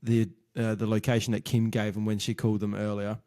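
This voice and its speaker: A man recapping a TV show in relaxed, casual chat with loose phrasing. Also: fairly low pitch, brisk, no room sound, studio quality. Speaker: podcast co-host.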